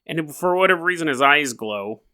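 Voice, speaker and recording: A young man hosts his podcast in a loose, rambling storytelling style, breaking off for jokey asides. His voice sits a little high and rings bright and forward. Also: expressive, a little fast, clear, resonant tone. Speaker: podcast host.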